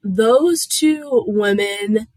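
A woman's voice: medium pitch, extremely slow, darkish tone, no room sound. A young adult woman co-hosting a podcast, answering hesitantly and thinking aloud in casual chat. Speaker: podcast co-host.

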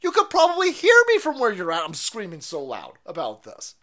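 A man hosting a stream, ranting loudly about politics with constant swearing and bursts of laughter. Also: sits high, wildly swooping pitch, fast, few pauses. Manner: loud, swearing, laughing at his own jokes. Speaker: stream host. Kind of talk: profane political rant.

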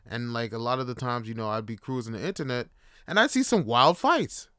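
A man hosting a solo podcast, rambling in a casual, profane, jokey way and slipping into quick impressions. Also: medium pitch, lively intonation, sharp tone, smooth, no echo, clean studio sound. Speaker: podcast host.

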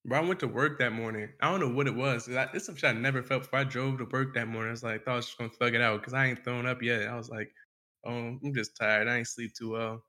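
A man co-hosting a podcast, spinning a laid-back story in slang-heavy casual chat. His voice is bright and forceful, with a medium pitch. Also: very fast, hardly any pauses. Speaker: podcast co-host.

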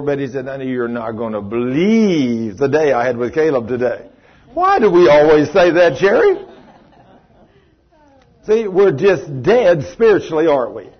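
Man, preacher, husky, fairly high voice, folksy animated storytelling, dull lo-fi recording. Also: moderate pace. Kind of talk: storytelling sermon.

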